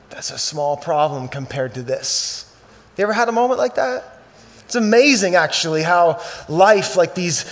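High-voiced preacher giving a sermon. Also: male voice. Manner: emphatic, shifts between loud bursts and quiet, slow reading. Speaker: pastor.

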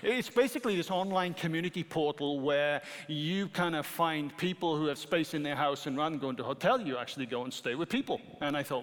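A middle-aged British man preaching a sermon as pastor, animated and rising to emphatic peaks. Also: on the high side, fast, few pauses. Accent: British English. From Britain. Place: church sanctuary. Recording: long hall reverb.

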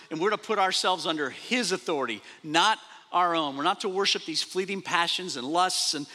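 A man pastor preaching a sermon, animated, repeating phrases and acting out quoted speech. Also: high-pitched, fairly quick. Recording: long reverb of a large hall.

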